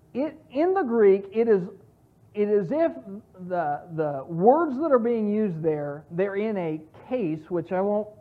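A woman teaching a Bible study, explaining scripture in an earnest, emphatic way with frequent restarts. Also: mid-range voice. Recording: tinny phone-like sound.

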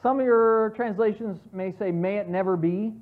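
A woman's voice: mid-range voice, moderate pace. A woman teaching a Bible study, explaining scripture in an earnest, emphatic way with frequent restarts. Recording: tinny phone-like sound.

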